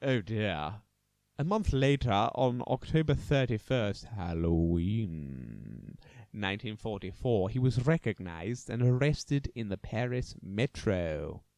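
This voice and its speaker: A man's voice: fairly low pitch, animated, slow, darkish tone, dry recording. A man hosting a podcast, telling a true-crime story casually and theatrically, with jokey asides. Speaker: podcast host.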